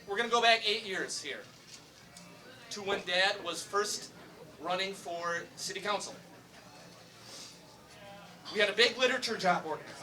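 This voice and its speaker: A young man giving a humorous introduction speech for his father, telling a story with many fillers. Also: high voice. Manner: storytelling, joking, hesitant fillers. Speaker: son introducing the speaker. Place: election night event room. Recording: distant mic with loud crowd.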